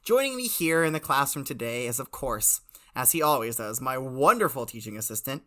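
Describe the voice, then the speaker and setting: Young male host in mock-professor role, lively bright delivery, flustered laughing banter. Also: mid-range voice, fairly quick. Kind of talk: comedic podcast banter.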